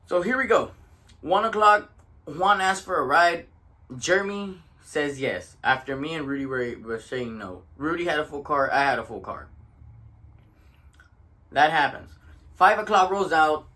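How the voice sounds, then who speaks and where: Tense, bright-voiced tired young man. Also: fairly high pitch. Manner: profane, switches between English and Spanish. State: tired from little sleep. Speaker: vlogger telling a story. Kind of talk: casual storytime rant.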